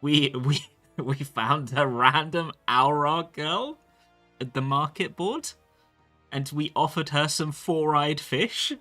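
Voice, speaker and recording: A man's voice: on the high side, slow, sharp tone, soft background music. A male streamer chatting casually about his game and reading chat messages aloud. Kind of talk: live-stream gameplay commentary.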